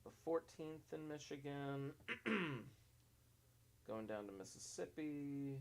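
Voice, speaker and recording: A man's voice: a little high, slow pace, a little mellow, smooth. Chatty man hosting live election coverage. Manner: chatty, self-mocking, restarts often while checking numbers. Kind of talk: casual live-stream commentary.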